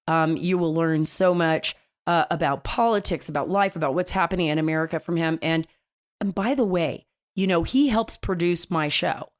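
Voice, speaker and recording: This is casual political radio commentary from a female talk show host whose voice sits on the low side. She speaks at an ordinary pace, chatting enthusiastically and often starting her sentences over.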